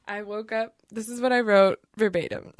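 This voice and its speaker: A woman co-hosting a casual podcast, telling stories in an animated, giggly way. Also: mid-range voice, normal speed, no echo, clean studio sound. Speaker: podcast co-host. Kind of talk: casual chat.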